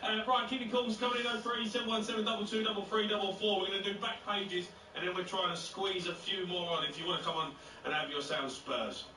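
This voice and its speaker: A man's voice: high-pitched, fairly even intonation, fast talker, noisy background. A man co-hosting a radio show in upbeat, matey banter, recorded roomy and distant with a crowd behind. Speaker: radio co-host. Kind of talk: casual studio banter.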